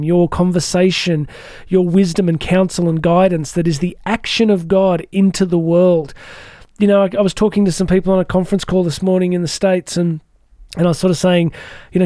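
A man's voice: sits high, darkish tone, no room sound, studio quality. A man hosting a devotional podcast for teachers, talking earnestly and repeating key lines for emphasis. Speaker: podcast host and speaker for Catholic teachers. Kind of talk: devotional motivational talk.

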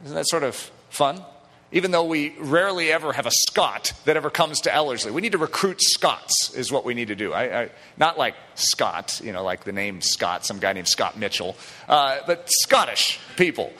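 A middle-aged male pastor preaching a lively, joking sermon in a church that turns to emphatic declarations. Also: mid-range voice, moderate pace. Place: church sanctuary. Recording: long hall reverb.

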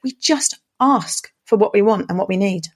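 A woman, co-hosting a podcast. She speaks calmly and gently, in considered, encouraging phrases. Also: medium pitch, normal speed. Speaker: podcast co-host. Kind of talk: casual conversation.

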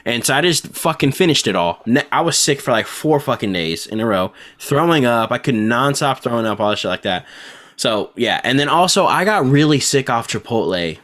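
A man's voice: medium pitch, big pitch swings, brisk, fairly bright tone. A young man co-hosting a casual podcast chat, laid-back and swearing a lot, often trailing off mid-sentence. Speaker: co-host.

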